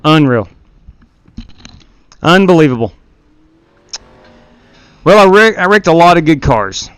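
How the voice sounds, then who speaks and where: A man's voice: a little high, very animated, slow, a bit bright, clear, resonant tone, no room sound. A man hosting a live sim-racing stream, casually commenting on replays and frankly owning his own mistakes. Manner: candid, self-blaming, talks as he rewinds replays. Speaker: stream host and league race director.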